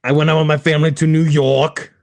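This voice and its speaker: A man's voice: fairly high pitch, little pitch movement, fairly quick, no echo. A man co-hosting a movie watch-along, chatting casually, joking and laughing often. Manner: jokey, laughs often, repeats running gags.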